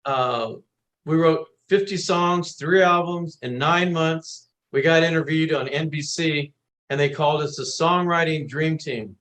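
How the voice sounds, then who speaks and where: A man's voice: on the high side, a little slow, a little hiss or hum. A man from the United States, a guest musician, telling stories in a casual interview and acting out the voices of the people he quotes. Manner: animated storyteller, acts out quoted voices.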